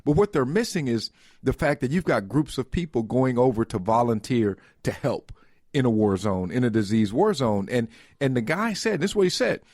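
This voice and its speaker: Male co-host, mid-pitched, thoughtful storyteller, dry studio sound. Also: expressive, normal speed, a little mellow, no room sound. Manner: affirming, storytelling, reflective. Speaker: radio show co-host. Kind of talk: casual radio talk.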